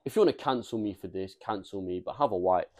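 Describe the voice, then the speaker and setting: Young guy on a podcast, lowish voice, blunt, laughs a lot. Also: animated, quick pace, darkish tone. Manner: blunt, laughs often, reads out listener questions. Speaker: podcast co-host. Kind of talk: casual chat.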